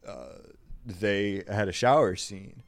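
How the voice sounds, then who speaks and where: A young man chatting casually on a podcast, animated and joking, slipping into mock voices. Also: lowish voice, takes it slowly. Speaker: guest.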